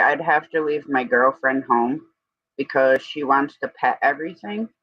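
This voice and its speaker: A man's voice: mid-range voice, unhurried, no room sound. A man chatting easygoing and joking on a live stream. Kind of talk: casual chat on a live stream. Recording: slightly dull lo-fi audio.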